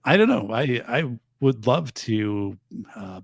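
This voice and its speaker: A man's voice: mid-range voice, slow pace, creaky, no room sound, studio quality. A man, hosting a show and telling rambling stories in casual chat. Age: 50s. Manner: animated rambling storyteller. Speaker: show host and teacher.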